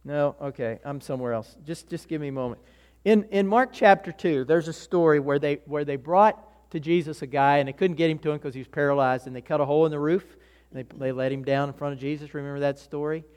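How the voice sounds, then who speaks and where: A man's voice: on the high side, fast, darkish tone. A man preaching a sermon as a pastor, telling stories casually, acting out voices and often restarting his sentences. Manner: conversational storytelling, acts out voices, many restarts. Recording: long hall reverb.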